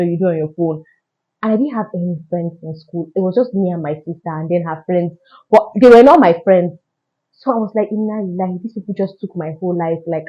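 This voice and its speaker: A young woman with a Nigerian accent tells a personal story on her vlog, animated and emotional, with lots of fillers. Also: fairly low pitch. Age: young adult. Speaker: vlogger. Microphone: phone camera. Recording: dull lo-fi phone audio.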